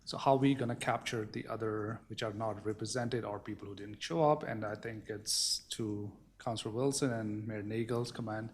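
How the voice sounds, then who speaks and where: A man's voice: on the low side, steady tone, normal speed, hardly any pauses, slight background noise. A man on a town council giving earnest comments with many fillers. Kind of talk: council meeting remarks.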